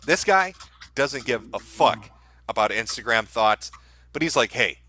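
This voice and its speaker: A man's voice: medium pitch, animated, a little slow, pushed and bright, dry recording. A man hosting a casual commentary show, reacting to social media posts in a sarcastic, profane, mocking way.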